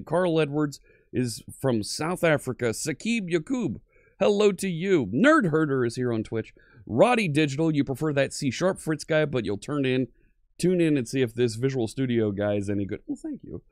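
A man's voice: mid-range voice, darkish tone, no echo, clean studio sound. A man hosting a live-streamed coding lesson, upbeat and friendly, greeting viewers one by one from the chat. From Pennsylvania.

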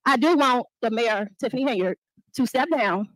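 Woman speaker at a town meeting, high voice, dry close sound, fiery. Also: normal speed, fairly bright tone, dry recording, poor audio. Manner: impassioned, accusing. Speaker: resident speaking at a public meeting. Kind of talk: public comment.

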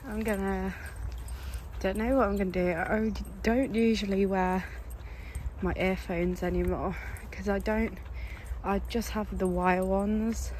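A woman's voice: medium pitch, fairly even intonation, slow, pauses often, a little mellow, a little hiss or hum. A young woman, chatting casually to camera in a rambling vlog with frequent laughs. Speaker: vlogger.

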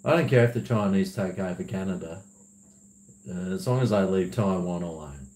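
A man's voice: low voice, moderate pace, darkish tone, a little hiss or hum. A man who hosts a livestream, chatting casually, rambling and laughing as he reads viewer messages. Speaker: livestream host. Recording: roomy echo.

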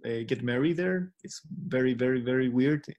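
A man in his forties, a filmmaker, answering interview questions over a video call, halting and often restarting as he searches for words. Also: mid-range voice, a little mellow, muffled recording. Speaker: filmmaker guest.

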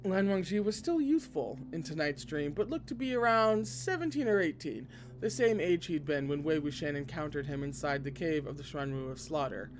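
A man reading a novel aloud expressively, now and then breaking in with excited asides. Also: on the high side, normal speed, few pauses. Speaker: podcast reader.

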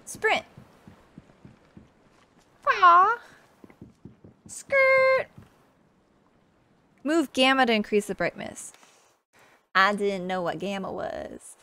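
Sitting in a sunny room, a woman streams her own game, chatting easily, making fun of herself, and talking to on-screen things. Her voice is medium-pitched, smooth, and fairly bright, at a measured pace.

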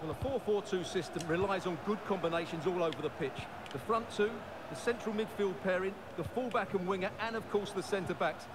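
A man voicing a football co-commentator in a video game, explaining tactics in a measured way. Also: high-pitched, natural voice. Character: male football pundit, measured and analytical. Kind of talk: scripted colour commentary. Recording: game audio with loud background noise.

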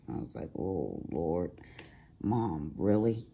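Gravelly, low-voiced sassy woman. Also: very animated, slow, dark tone. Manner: chatty, sassy storytelling with big pitch swings. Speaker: crafting vlogger. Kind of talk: casual chat while crafting.

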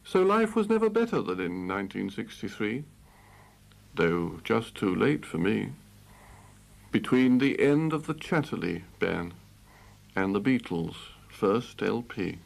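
A man giving a measured, deliberate poetry reading. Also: on the low side, big pitch swings, vocal fry.

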